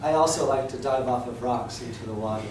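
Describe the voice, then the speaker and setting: A man with a middle-pitched voice speaks in a flat, wistful deadpan. He is far from the mic in a strongly echoing space, with steady noise behind him. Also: quick pace. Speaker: comedian.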